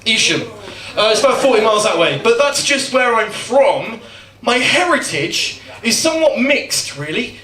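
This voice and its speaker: Young West Midlands comic, crude and self-mocking; high, bright voice, roomy and distant. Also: male voice, very animated, normal speed. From West Midlands, England. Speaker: stand-up comedian and host. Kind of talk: stand-up comedy. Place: comedy night at a cinema venue. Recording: echoey venue, mic heard from afar.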